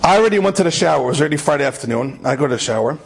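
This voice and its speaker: A man's voice: on the high side, animated, rapid-fire, vocal fry, breathy edge. A man telling an inspirational story, emphatic and repeating key phrases, with Hebrew terms mixed in. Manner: sprinkles Hebrew and Yiddish terms.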